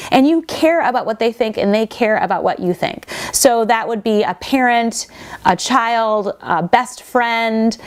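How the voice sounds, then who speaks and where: Earnest woman giving an inspirational talk. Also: on the high side. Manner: earnest, explanatory. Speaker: speaker.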